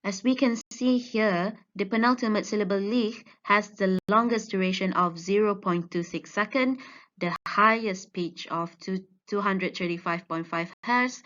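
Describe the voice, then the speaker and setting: A woman student giving an academic presentation on her research, explaining slowly with frequent ums. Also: medium pitch, a bit bright. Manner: measured, explanatory with fillers. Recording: dull lo-fi recording.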